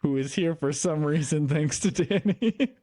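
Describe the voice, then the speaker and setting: A man narrating as game master, in loose, easygoing speech full of fillers and quick asides. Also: a little high, dark tone, no echo, studio quality.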